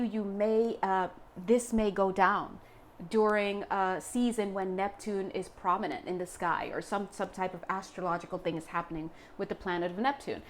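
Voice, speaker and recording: A woman's voice: mid-range voice, slight background noise. A young woman doing a casual tarot reading to camera, chatty and joking, laughing often. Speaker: tarot reader.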